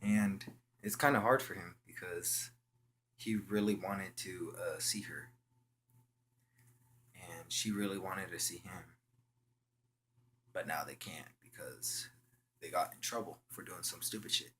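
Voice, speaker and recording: A young man with a low voice tells a story casually, full of slang. He halts often and restarts his sentences. A faint hum runs behind his voice. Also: a bit bright. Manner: slangy, halting, with frequent restarts. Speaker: vlogger.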